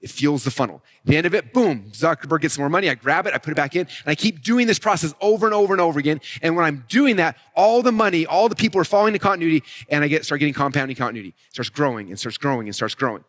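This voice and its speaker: A man giving an energetic marketing talk on stage, walking listeners through his method and often checking in with "right?" and "okay?". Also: fairly high pitch, rapid-fire, hardly any pauses. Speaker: marketing speaker.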